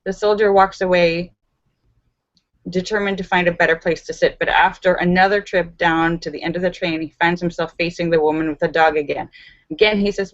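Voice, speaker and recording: A woman's voice: on the low side, fairly even intonation, moderate pace, no room sound. A woman hosting a live stream, reading out viewer jokes and laughing at the punchlines. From Los Angeles. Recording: dull, dry home recording.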